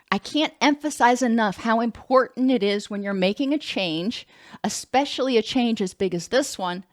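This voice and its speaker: A woman counselor speaks in a relaxed, conversational lecture style. Her voice sits at an ordinary middle pitch. Now and then she breaks off to correct herself. The recording is close and dry, with no room echo. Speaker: licensed counselor.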